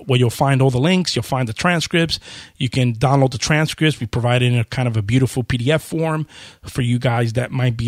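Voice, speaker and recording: Fast, chatty male podcast host. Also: medium pitch, dry recording, clean studio sound. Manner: talks fast, chatty, with many fillers. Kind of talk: casual podcast outro.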